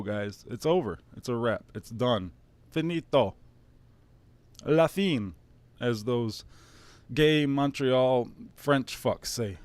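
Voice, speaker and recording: A man's voice: medium pitch, a little mellow, no echo. A man in his thirties with a Detroit-area accent, hosting his own stream in a casual, rambling monologue, sarcastic and profane with mock-emotional asides. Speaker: streamer host.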